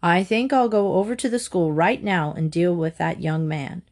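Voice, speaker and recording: A woman voicing a calm, firm father in a storybook reading, steady and reasoning. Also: fairly low pitch, moderate pace.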